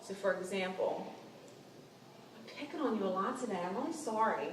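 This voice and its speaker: A young adult woman giving a casual seminar talk to a team about client relations, conversational and animated. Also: medium pitch, fairly quick. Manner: conversational, animated, acts out quoted lines. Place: meeting room with an audience. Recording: roomy room sound, distant mic, faint noise.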